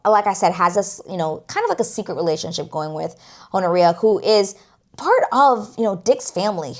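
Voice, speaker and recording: Woman gushing about a tv show, swears a lot, acts out the lines, mid-pitched voice. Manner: gushing, expressive, profane, acts out quotes. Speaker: TV review vlogger. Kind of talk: casual chat.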